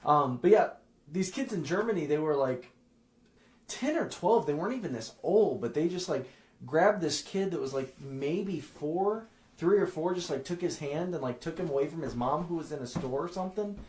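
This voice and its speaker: Podcast guest guy rambling, lots of "like", bit higher voice, roomy echo. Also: expressive, normal speed, darkish tone. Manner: rambling, full of "like" and restarts. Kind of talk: casual chat.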